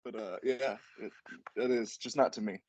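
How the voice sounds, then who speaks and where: A man's voice: medium pitch, steady tone, normal speed, a little mellow, dull audio. A man, a podcast guest, telling a rambling, profane story in casual chat and laughing as he goes.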